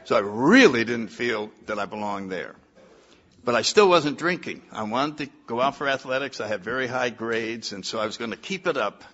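A man's voice: medium pitch, normal speed, a bit bright, dull audio. An older man giving personal testimony at a recovery meeting, telling his story with wry, self-mocking humor.

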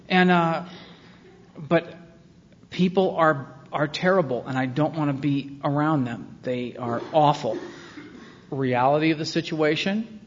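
A man speaking at a recovery meeting, telling his own story in a rambling, sardonic way with self-mocking asides. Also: fairly high pitch. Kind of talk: personal testimony talk. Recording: dull lo-fi sound with long hall reverb and faint hiss.

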